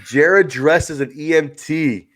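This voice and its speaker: Swearing, excitable wrestling podcast guy. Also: a little high, slow. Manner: excitable, swears freely, acts out quotes. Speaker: podcast co-host. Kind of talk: casual wrestling review chat.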